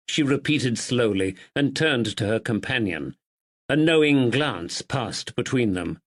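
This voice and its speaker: A man reading a mystery audiobook in a measured, expressive style. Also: medium pitch. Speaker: audiobook narrator. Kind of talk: scripted narration.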